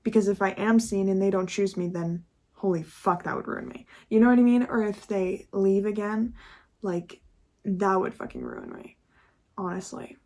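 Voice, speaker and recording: A woman's voice: mid-range voice, very animated, moderate pace, darkish tone. Chatty, profane young woman vlogger. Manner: candid, profane and chatty, laughs often. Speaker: YouTuber. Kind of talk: casual confessional vlog chat.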